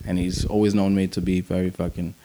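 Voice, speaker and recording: A man's voice: sits low, a little fast, a little hiss or hum. A man, an army veteran, telling a war story in casual, profane talk and acting out quotes. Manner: profane, animated, acts out quotes.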